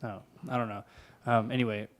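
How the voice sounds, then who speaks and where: A man's voice: on the low side, flat delivery, fairly quick. Young man with a slightly worn voice. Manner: chatty, laughs often, trailing fillers. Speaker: podcast co-host. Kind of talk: casual podcast banter.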